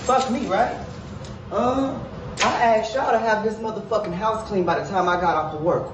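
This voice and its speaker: Man doing a worn-out mom, yelling, cursing, high-pitched, distant noisy skit audio. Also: normal speed, reverberant, natural voice. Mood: angry. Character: furious overworked mother scolding her kids.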